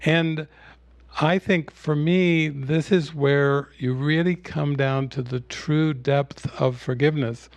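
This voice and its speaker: A man giving a spiritual teaching talk at an online retreat, retelling a film scene in a relaxed storytelling way. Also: on the high side, slow, dry recording.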